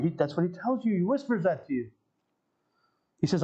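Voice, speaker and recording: Male pastor, high voice, casual preaching style that repeats key lines. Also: expressive, normal speed, dark tone, muffled recording. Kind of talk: sermon. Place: church sanctuary.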